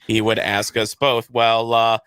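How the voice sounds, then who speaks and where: A man's voice: on the low side, monotone, a little slow, fairly bright tone, clear, resonant tone. A man hosting a casual podcast, rambling and self-deprecating, often stumbling and repeating words. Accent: St. Louis. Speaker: podcast host.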